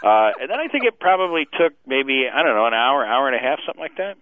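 A man calling into a radio show, chatting casually with a deadpan, dry sense of humor. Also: mid-range voice, quick pace. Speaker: radio guest on the phone. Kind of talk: casual chat. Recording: tinny phone line.

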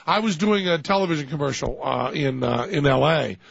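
A man's voice: a little high, fairly quick, creaky, slightly rough, dry recording, muffled recording. A man hosting a radio show, telling rambling stories and laughing a lot in casual chat.

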